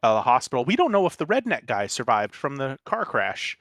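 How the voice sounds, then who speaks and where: A man's voice: mid-range voice, big pitch swings, fairly quick, a bit bright, no echo. A man picks apart a film's logic in loose, rambling bursts, sounding baffled. His voice sits in a mid range and is recorded dry and close, with no room around it. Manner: incredulous, rambling complaints. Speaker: podcast co-host. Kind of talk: casual movie discussion.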